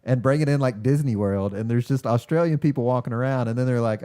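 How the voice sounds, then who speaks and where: A man co-hosting a podcast in casual chat, teasing with wry, deadpan jokes. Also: mid-range voice, fast. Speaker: podcast co-host.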